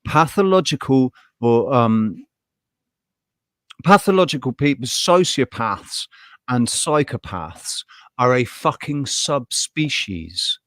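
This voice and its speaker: A man in casual podcast conversation who rants bluntly and swears freely. He keeps a middle pitch. His voice sounds dry and close, with frequent laughs and restarts. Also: expressive, slow, fairly bright tone, no room sound. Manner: heated, blunt ranting with swearing; laughs often, restarts mid-sentence. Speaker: podcast co-host. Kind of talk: casual live podcast chat.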